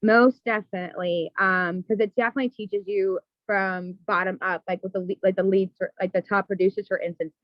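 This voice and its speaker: A woman's voice: medium pitch, steady tone, fairly quick, few pauses, no echo. Chatty woman on a dull dry call line. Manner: chatty, many "like"s and "you know"s. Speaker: insurance agent. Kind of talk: casual call.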